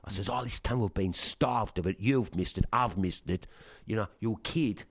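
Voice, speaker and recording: Here a Sunderland-born punk singer in middle age, with his Northeast English accent, talks at a normal speed in a lowish voice. He's a guest in a relaxed interview, spinning lively stories, performing the dialogue he quotes, and cursing without restraint. The recording is dry.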